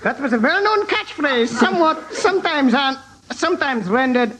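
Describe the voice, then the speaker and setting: A man's voice: extremely high pitch, expressive, normal speed, very noisy. A man on a comedy panel show, delivering nursery rhymes in a silly sing-song way with asides. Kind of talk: comic radio panel game.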